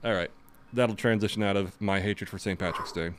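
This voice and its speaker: A young man co-hosting a podcast in casual chat, rambling with a dark sense of humor. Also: on the low side, fairly even intonation, brisk, a little hiss or hum. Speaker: podcast co-host.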